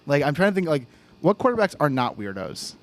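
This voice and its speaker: A man's voice: on the high side, very animated, brisk. A man co-hosting a casual podcast, chatting loosely and reading out sports news. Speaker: podcast co-host. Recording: faint background noise.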